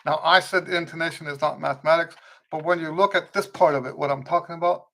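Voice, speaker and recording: A man hosting a live trumpet Q&A, answering viewers' questions in a relaxed, conversational way, often restarting and checking in with "okay?". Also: on the high side, quick pace. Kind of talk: casual livestream teaching, answering viewer questions.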